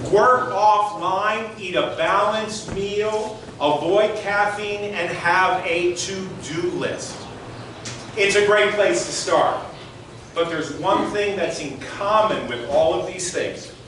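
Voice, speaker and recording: A man's voice: sits high, far from the mic, background noise. Storytelling man in his sixties, echoey hall. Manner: conversational, demonstrative, addressing the audience directly. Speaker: motivational speaker. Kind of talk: storytelling talk on stage. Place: large hall with audience.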